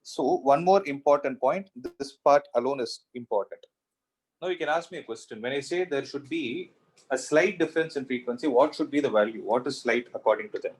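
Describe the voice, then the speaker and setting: A man's voice: mid-range voice, a little fast, breathy edge, rough recording. A man teaching a physics class, explaining step by step and asking himself questions as he goes. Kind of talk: classroom lecture.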